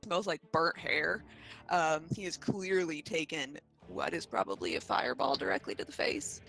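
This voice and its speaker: A man narrating a tabletop game as game master, halting and laughing often. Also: a little high, very animated, vocal fry, pushed and bright, faint music behind.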